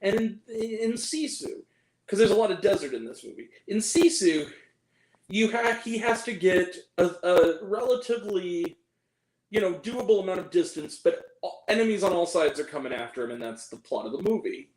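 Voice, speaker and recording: A man giving a casual, animated movie review, mocking the film with quick impressions of its lines. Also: high-pitched. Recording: roomy echo.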